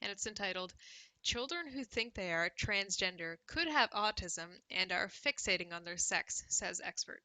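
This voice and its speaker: A woman's voice: medium pitch, lively intonation, normal speed, sharp tone, no echo, low-quality recording. A woman from Canada with a Canadian accent, hosting a casual livestream and reading news with sarcastic asides. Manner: sarcastic, laughs often, drinks cider on stream. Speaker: livestream host.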